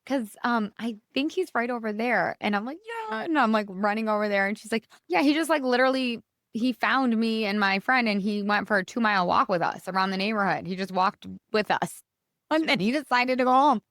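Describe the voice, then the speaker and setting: A woman's voice: a little fast, fairly bright tone, no room sound, clean studio sound. A woman hosting a podcast, talking casually and with lots of energy, often addressing her listeners as "you guys". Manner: bubbly and chatty, swinging pitch, fillers like "you guys". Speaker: podcast host. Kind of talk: casual motivational podcast talk.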